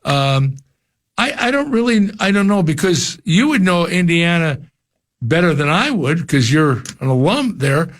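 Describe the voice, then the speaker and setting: An older man from New Jersey talks football on the radio in a rambling, casual way, often stumbling over his first words. His voice sits a bit high and swings widely in pitch. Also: sing-song, measured pace, a bit bright. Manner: rambling, repeats words when starting thoughts. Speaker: former college football coach, guest. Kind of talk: casual radio sports talk.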